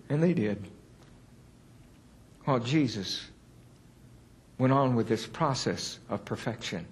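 A man's voice: mid-range voice, animated, takes it slowly, long pauses. A man preaching a sermon in a folksy, candid way, poking fun at himself and raising his voice to stress key words. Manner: folksy, candid and self-deprecating; builds to raised emphasis on key words.

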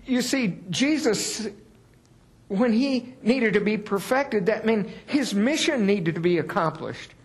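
A man preaching a sermon in a folksy, candid way, poking fun at himself and raising his voice to stress key words. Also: high voice. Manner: folksy, candid and self-deprecating; builds to raised emphasis on key words.

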